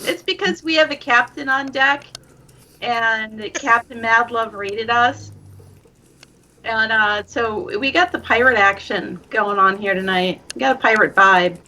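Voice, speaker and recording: Bright, teasing female podcast co-host. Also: a little high, unhurried, rough recording. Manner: teasing, playful. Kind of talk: casual podcast chat.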